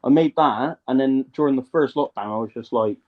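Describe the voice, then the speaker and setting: A man's voice: medium pitch, a little fast, phone-quality sound. A man, a guest in a casual live-stream interview, telling his story in a rambling, hesitant way and often checking that the listener is following.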